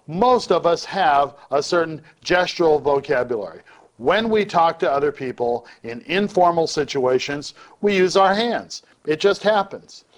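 A man with a slightly raised voice delivers a lecture on public speaking. He speaks deliberately and changes his volume and pace on purpose to demonstrate each technique. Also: on the high side.

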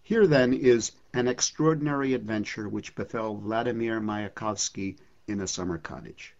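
A literature lecturer explaining and then reading a poem aloud, deliberate and measured with occasional hesitations, on a dull lo-fi recording. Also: mid-range voice, a little mellow.

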